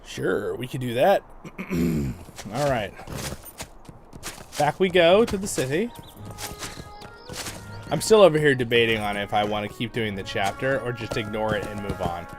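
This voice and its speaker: A man's voice: medium pitch, expressive, unhurried, pauses often, music in the background. A man hosting a livestream, chatting casually and rambling as he plays, laughing often. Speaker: livestream host and guide. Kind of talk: casual gameplay commentary.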